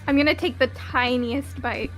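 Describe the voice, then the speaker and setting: A woman's voice: sits high, steady tone, normal speed, a bit bright, soft background music. A woman playing in a tabletop game, giving hesitant, playful replies to the game master.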